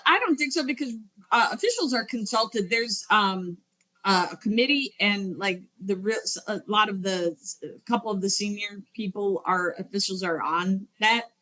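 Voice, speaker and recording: A woman co-hosting a sports podcast, with a bright, clear voice that sits up front. She chats in a relaxed way and works out her points aloud, dropping in "um" and "like" as she goes. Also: mid-range voice, poor audio. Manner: chatty, thinks aloud with fillers. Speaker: podcast co-host. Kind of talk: casual sports chat.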